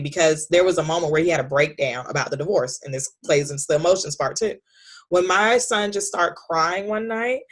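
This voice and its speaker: A woman in her thirties, a podcast guest, talking candidly about raising her son, animated and leaping high when she quotes him. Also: a little fast. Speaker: podcast guest, author and speaker. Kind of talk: candid conversational storytelling.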